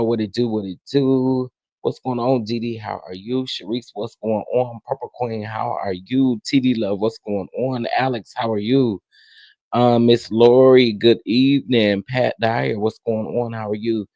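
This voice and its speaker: A man hosting a casual live stream, greeting chat viewers one by one and sounding irritated, with halting restarts. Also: mid-range voice, steady tone, warm tone, no echo, lo-fi sound. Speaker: livestream host. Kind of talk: casual livestream commentary.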